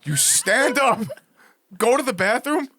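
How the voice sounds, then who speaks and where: A man's voice: very high-pitched, a little slow, slight background noise. A man on a podcast telling a funny story in casual chat, laughing as he goes. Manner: animated, laughs through his story. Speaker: podcast co-host.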